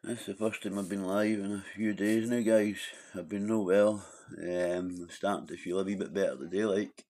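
A man's voice: low-pitched, fairly even intonation, normal speed, darkish tone. A Scottish man in casual live-stream chat, blunt and rambling, swearing freely as he calls people out.

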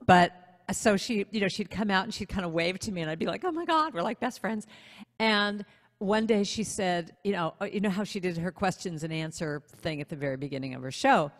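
A woman singer-songwriter telling a self-deprecating story in a casual online interview, in an animated way. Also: lowish voice, brisk, long reverb tail.

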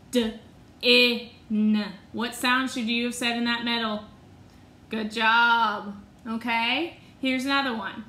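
A woman's voice: a little high, bright, forceful tone. A woman teacher leading a phonics lesson for young children, stretching out each sound with sing-song prompts. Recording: echoey room.

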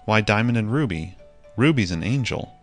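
A man reading an audiobook voices a gentle, earnest young boy, speaking innocently and simply. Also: fairly low pitch, expressive, moderate pace, faint music behind, natural voice.

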